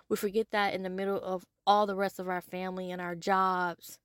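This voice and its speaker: A woman hosting a solo podcast, talking in an animated, casual way with some swearing, swinging from loud to soft. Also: mid-range voice, no room sound, clean studio sound. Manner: casual, with profanity and y'all. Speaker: podcast host. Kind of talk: solo motivational podcast monologue.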